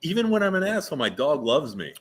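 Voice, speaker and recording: Bright-voiced bantering male host. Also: a little high, big pitch swings, fast, a little hiss or hum. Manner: bantering, rambling. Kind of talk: casual live interview. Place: meadery bar.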